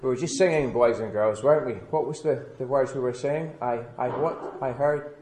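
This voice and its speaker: A man as a pastor giving a children's address in church, speaking gently and slowly repeating key words for emphasis. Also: mid-range voice, a little hiss or hum. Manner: gentle, questioning children, slow emphatic repetition. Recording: echoey church room.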